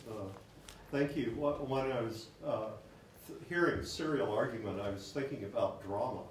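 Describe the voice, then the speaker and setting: A man in the audience asking a question at a seminar, stammering and halting as he starts. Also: medium pitch. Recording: very echoey, distant audience mic with faint noise.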